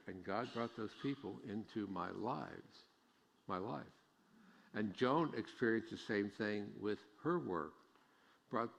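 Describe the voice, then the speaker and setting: A man's voice: on the low side, vocal fry. A middle-aged man preaching a sermon as pastor, folksy and joking, rising to emphatic preaching. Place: church sanctuary. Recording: long church reverb.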